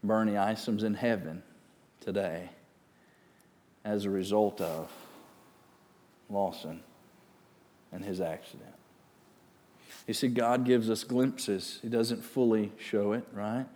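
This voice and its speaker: A man preaching a sermon as pastor, slow and deliberate, building to loud, animated passages. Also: lowish voice, big-room sound.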